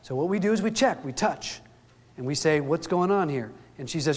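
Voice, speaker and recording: Seminar speaker, male, slightly high voice, storytelling delivery, long hall reverb. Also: lively intonation, fairly quick. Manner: storytelling, acts out quoted dialogue. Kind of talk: live seminar talk.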